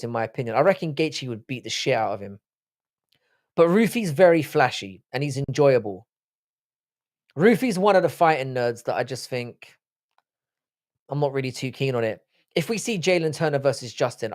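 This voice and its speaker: A young man hosting a livestream, ranting and swearing as he reads out chat comments. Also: medium pitch. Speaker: livestream host. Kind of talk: live-stream chat reading comments.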